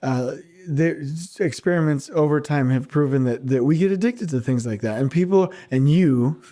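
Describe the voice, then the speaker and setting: A middle-aged man hosting a podcast alone, talking casually and teasing his listeners with quick asides. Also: on the high side, mellow. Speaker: podcast host. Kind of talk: casual solo podcast monologue.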